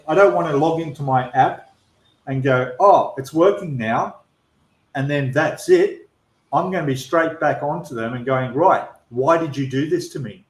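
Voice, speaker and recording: An Australian man talks at a middle pitch, venting with emphatic frustration and often restarting his sentences. His voice carries a noticeable roomy echo, as if from a bare room on a live stream. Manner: exasperated, emphatic complaining with repeated restarts. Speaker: channel host.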